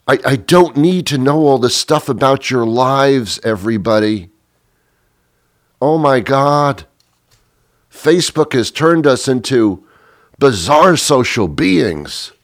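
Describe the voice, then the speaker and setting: A man ranting sarcastically in a comedic monologue, exasperated, often leaping into a shrill mock-outraged pitch. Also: dry recording, clean studio sound.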